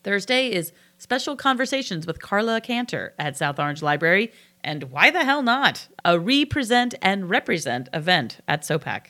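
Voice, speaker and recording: A woman's voice: medium pitch, sing-song, moderate pace, sharp tone. A woman from New Jersey co-hosting a casual local events podcast, reading listings and laughing often. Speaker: podcast co-host.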